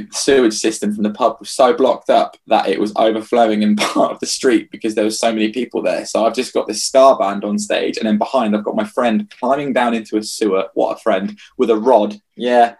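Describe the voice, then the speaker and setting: A man in his thirties from England, founder of a festival, telling lively stories in an interview and acting out his own past lines. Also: on the low side, fairly quick, husky. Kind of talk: storytelling interview.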